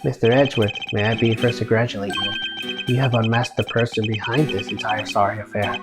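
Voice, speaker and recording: A woman voicing a calm, courteous male assassin in a game voice-over, speaking low and quiet with menace. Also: brisk, exaggerated voice. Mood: cool. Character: cool, polite male assassin, soft-spoken and menacing. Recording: game music behind voice.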